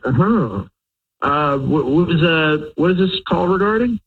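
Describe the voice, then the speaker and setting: A man's voice: on the high side, lively intonation, a little slow. A man on a phone call, hesitant and stammering as he defends himself. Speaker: prank call target. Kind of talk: phone conversation. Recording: tinny phone line.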